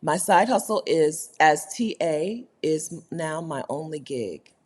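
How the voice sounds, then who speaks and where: A woman's voice: deep voice, expressive, slow, darkish tone. A woman hosting a casual livestream, chatting with viewers, reading their comments aloud and laughing often. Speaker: host of a livestream for her community.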